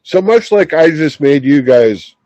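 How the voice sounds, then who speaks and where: A man hosting a comedy podcast, teasing his co-hosts with dry, deadpan jokes. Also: fairly high pitch, measured pace, dry recording, highs cut off. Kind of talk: casual comedic banter.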